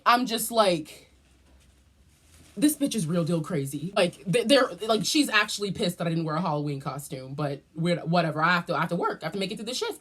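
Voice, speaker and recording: A woman vlogger telling a story in a casual, profane and dramatic way, jumping up and down in pitch. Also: slightly rough. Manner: animated, profane and dramatic, with big jumps in pitch.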